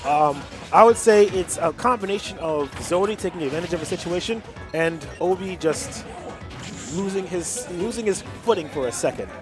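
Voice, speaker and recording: High-voiced male caster over game music. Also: animated, normal speed. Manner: analytical, frequent ums and restarts. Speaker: tournament caster. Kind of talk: color commentary on a game match.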